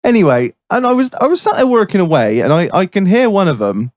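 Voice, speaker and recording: A man's voice: sits high, fast talker, no echo. A man co-hosting a podcast, telling a long sweary anecdote in casual chat. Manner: animated, swearing anecdotes with put-on voices. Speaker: podcast co-host.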